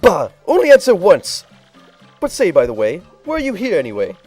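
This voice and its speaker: A man's voice: sits high, wildly swooping pitch, normal speed, a little mellow, husky, dry recording, faint music behind, pitched above the performer's own voice, heavily acted. A man voicing a crotchety, bossy old female tribal elder in a game playthrough, scolding and barking orders.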